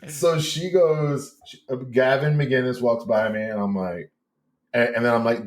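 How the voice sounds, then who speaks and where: A man with a New York accent, a podcast guest telling a story loudly and campily, laughing often. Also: mid-range voice, steady tone, moderate pace. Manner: loud, campy, laughs often. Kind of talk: animated storytelling.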